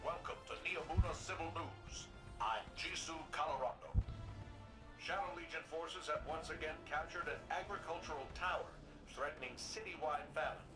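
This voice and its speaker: A video game's city news anchor with a bright, forward tone and a slightly high-set voice. He reads each bulletin in a crisp, formal newsreader cadence. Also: moderate pace, long pauses, soft background music. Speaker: news announcer. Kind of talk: scripted broadcast narration.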